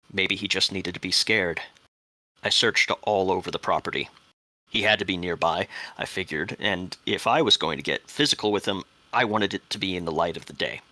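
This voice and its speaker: A man acting as game master, giving a dramatic first-person statement reading in a measured way that drops to hushed tones at the tense moments. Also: sits low, no room sound.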